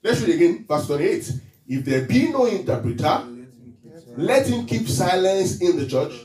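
A man preaching with a high, lively voice that swings up and down, quizzing his congregation as he goes. He reads scripture lines slowly and deliberately. The sound is roomy and echoing, picked up from some distance away. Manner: call-and-response questions to the congregation. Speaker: pastor. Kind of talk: interactive sermon teaching. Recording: echoey room, voice from a distance.

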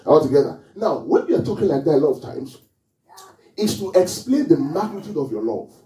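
In an echoing hall recorded from afar, a pastor preaches and frequently asks the congregation questions, waiting for responses. He speaks a little fast in a slightly high, warm, very animated voice.

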